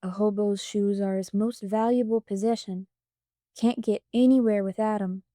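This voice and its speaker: A woman's voice: medium pitch, fairly even intonation, normal speed, warm tone, no room sound, studio quality, lightly acted. A woman voicing a fifteen-year-old boy drifter who speaks plainly and firmly.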